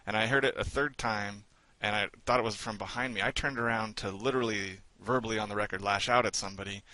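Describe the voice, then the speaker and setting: Brief: American man, lowish bright voice, quick storyteller, dry close sound. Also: steady tone, no room sound, rough recording. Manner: fast, storytelling, gives direct advice. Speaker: participant sharing advice. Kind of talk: casual group discussion.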